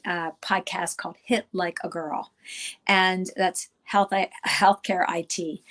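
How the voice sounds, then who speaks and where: A middle-aged woman giving a virtual conference talk, speaking conversationally with frequent fillers and restarts. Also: fairly low pitch.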